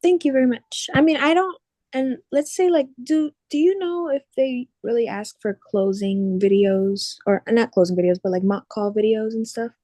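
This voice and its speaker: A woman's voice: on the high side, moderate pace, dark tone, no room sound. A woman asking questions on a video support call, hesitant and restarting her sentences. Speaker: caller.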